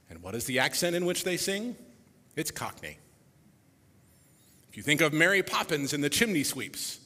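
A man giving a reflective public talk before a musical performance, animated, his voice dropping softly at the ends of phrases. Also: on the high side, big-room sound. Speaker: speaker introducing a musical performance.

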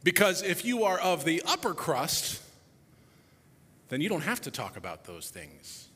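A man giving a reflective public talk before a musical performance, animated, his voice dropping softly at the ends of phrases. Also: mid-range voice, long reverb tail. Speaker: speaker introducing a musical performance.

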